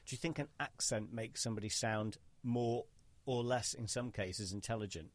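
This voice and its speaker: A man's voice: lowish voice, normal speed, no echo. A man hosting a casual podcast chat, joking, swearing and acting out quotes. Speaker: podcast host.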